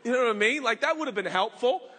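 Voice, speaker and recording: A male pastor preaching a sermon, telling a story with lively acted-out voices and frequent laughter. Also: extremely high pitch, fast, long reverb tail, a faint crowd. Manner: animated storytelling, acts out voices, laughs often. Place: large church hall.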